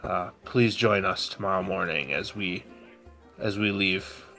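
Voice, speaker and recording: A man voicing an earnest adult male adventurer who speaks low, quiet and solemn while recruiting a newcomer. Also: a little slow, gravelly, faint music behind, full character voice.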